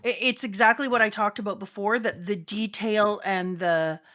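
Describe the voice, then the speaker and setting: A woman's voice: medium pitch, fairly even intonation, moderate pace, fairly bright tone. A middle-aged woman co-hosting a casual chat, talking earnestly with wry emphasis. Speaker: co-host.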